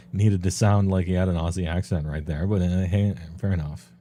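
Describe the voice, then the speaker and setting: A man's voice: sits low, steady tone, moderate pace, warm tone. A man streaming a casual, rambling rundown of tabletop game books, offhand and full of ums. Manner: loose and offhand, many ums, laughs at himself.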